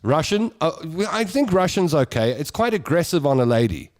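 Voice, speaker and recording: Lively male radio host. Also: on the high side, moderate pace. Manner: laughs a lot, reads out listener comments. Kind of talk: casual studio banter.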